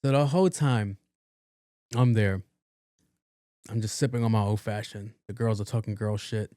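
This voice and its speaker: A man's voice: lowish voice, moderate pace, warm tone, dry recording, clean studio sound. A man hosting a podcast, telling a story casually, swearing freely and slipping into the voices of the people in it. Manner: casual, profane, acts out the voices in his stories. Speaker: podcast host.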